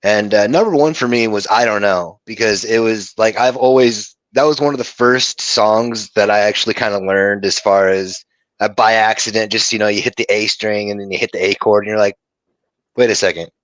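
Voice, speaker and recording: A man's voice: lowish voice, brisk, a bit bright, no echo. A man co-hosting a music podcast, chatting casually, blunt and swearing freely. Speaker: podcast co-host.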